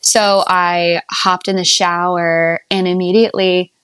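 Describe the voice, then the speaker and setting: A young adult woman tells her birth story to a podcast host in a casual, chatty way. She laughs often, and her voice leaps up high whenever she quotes herself. The sound is dry, with almost no room in it. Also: measured pace, clear, resonant tone, dry recording. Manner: animated, laughs often, jumps up high when quoting herself.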